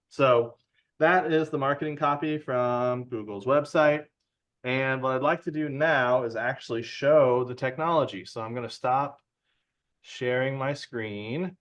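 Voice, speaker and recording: A man's voice: medium pitch, a little slow. Chatty man presenting on a video call. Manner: relaxed and chatty, checks in with the audience. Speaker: presenter at a user group meeting. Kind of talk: casual tech talk. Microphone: video call from home.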